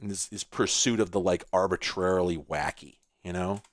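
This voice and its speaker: A low-voiced man speaking at normal speed, with faint background music, hosts a retro computing video. He rambles in casual, profane commentary while playing an old computer game, with sudden exclamations.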